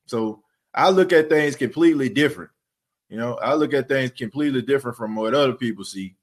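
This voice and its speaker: A man's voice: medium pitch, fairly quick. A man hosting a podcast, rambling in casual sports talk with lots of fillers and repeats. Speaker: podcast host.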